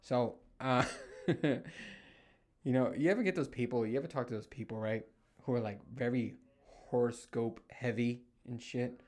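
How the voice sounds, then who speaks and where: A man's voice: mid-range voice, normal speed. A man in his thirties hosting a casual solo podcast from a room in his home, telling stories with lots of swearing and acting out what people said. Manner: animated storytelling, heavy swearing, acts out quotes. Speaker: podcast host.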